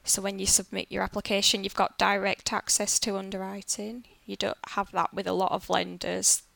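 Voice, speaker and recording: Gravelly bright Yorkshire woman. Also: mid-range voice, completely flat delivery, normal speed, no echo. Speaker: business development manager, guest. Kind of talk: podcast interview answers.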